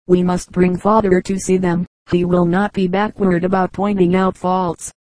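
Woman narrator voicing kind cheerful girl, encouraging, low even voice. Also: moderate pace, no echo, natural voice.

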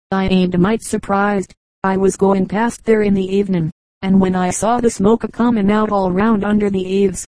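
A woman's voice: medium pitch, darkish tone, no echo, close to an everyday voice, poor audio. A woman reading the part of a smug rustic male farmer in a folksy dialect.

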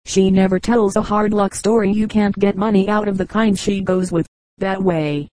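A woman voicing a prim, disapproving young woman who gossips about a neighbor, read in a dark, dry audiobook voice. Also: medium pitch, fairly even intonation, normal speed, no room sound, lightly acted, rough recording. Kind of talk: audiobook character reading.

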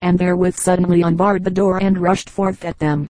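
A woman narrating an audiobook of an old legend, measured and even. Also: fairly low pitch, dry recording, low-quality recording. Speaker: audiobook reader. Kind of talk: scripted narration.

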